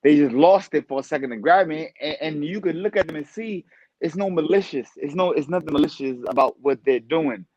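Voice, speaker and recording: A boxer talking casually as a podcast guest, animated and profane, often laughing. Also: male voice, a little high, a little fast, a crowd in the background, rough recording. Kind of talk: casual interview talk.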